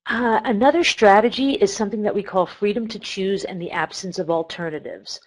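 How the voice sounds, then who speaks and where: Speaking a little fast at a medium pitch, this therapist explains treatment techniques step by step in a recorded lecture, often saying um and correcting herself. She is a middle-aged woman from Cleveland, Ohio, and the recording is low-quality.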